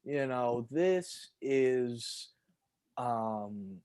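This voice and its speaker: Podcast co-host, male, mid-pitched, casual and animated storyteller, dry sound. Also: very slow, smooth, no echo. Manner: animated storyteller, jumps high when quoting himself. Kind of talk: casual chat.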